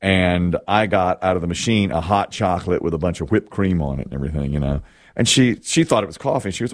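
Speaking quickly in a deep voice with no room sound, a middle-aged man hosts a radio show. His on-air talk is casual and chatty, full of meandering anecdotes and false starts.

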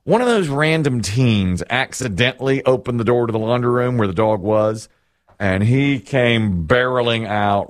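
A middle-aged man hosting a casual chat, telling stories in an animated, self-mocking way. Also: mid-range voice, moderate pace, dry recording, studio quality. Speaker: host.

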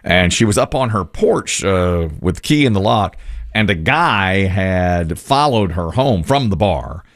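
A man's voice: sits low, animated, unhurried. A man co-hosting a radio show, telling a news story and joking with his co-hosts. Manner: storytelling, joking, playful voices. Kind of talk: casual radio banter. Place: radio studio.

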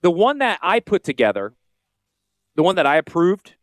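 A man with a Northern US Yankee accent, a financial advisor hosting a casual promotional podcast with salesy, jokey asides and a high-pitched voice. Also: huge pitch swings, moderate pace, no echo. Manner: self-described high-pitched voice. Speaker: financial advisor and radio host.

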